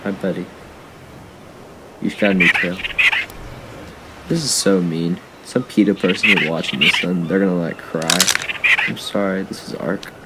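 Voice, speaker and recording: Young man, low voice, casual gaming commentary, rambling, noisy recording. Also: normal speed, pauses often. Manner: rambling, talks to viewers and animals. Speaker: gaming YouTuber.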